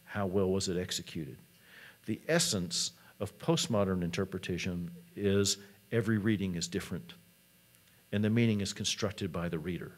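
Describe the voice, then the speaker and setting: Male college president, keynote talk, relaxed storyteller, lower voice. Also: moderate pace. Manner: storytelling, conversational.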